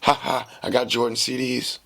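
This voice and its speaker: A man hosting a podcast, telling a casual story in a slangy, animated way and acting out the dialogue. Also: medium pitch, moderate pace, vocal fry, slight background noise. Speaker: podcast host.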